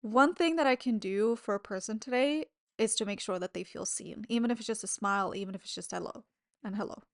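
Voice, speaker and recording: A woman's voice: medium pitch, fairly quick, no echo, studio quality. A woman hosting her own podcast in a candid, chatty monologue, swearing freely and laughing between thoughts. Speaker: podcast host. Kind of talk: casual solo podcast monologue.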